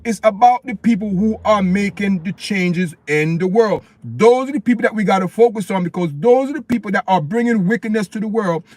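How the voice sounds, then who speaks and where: A man with a high voice hosts a casual live stream and rambles emphatically, talking straight to his viewers. The sound is dry and close, with no room echo.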